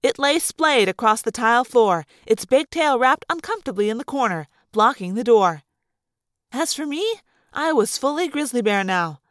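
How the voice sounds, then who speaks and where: A woman narrating a novel aloud in first person with expressive storytelling. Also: fairly high pitch, moderate pace, no room sound, clean studio sound. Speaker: audiobook reader.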